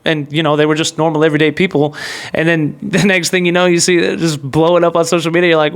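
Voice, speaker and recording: High, clear-voiced excitable man. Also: fast talker. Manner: excitable, rambling, heavy use of "like" and "bro". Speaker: podcast host. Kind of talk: casual storytelling monologue.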